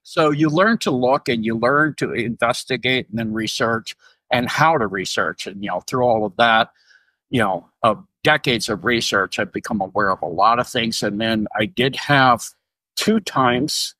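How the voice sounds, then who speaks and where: A man's voice: mid-range voice, normal speed, dry recording. A middle-aged man, a retired Navy submariner, telling stories as a podcast guest, acting out dialogue and chuckling often. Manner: animated, acts out dialogue in raised voices, chuckles often. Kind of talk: casual storytelling interview.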